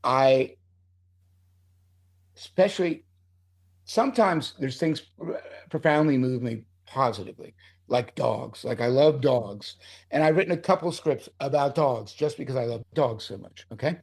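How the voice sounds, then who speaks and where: A man's voice: mid-range voice, measured pace, gravelly, a little mellow. Heated, profane middle-aged man. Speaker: screenwriter being interviewed. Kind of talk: casual interview talk.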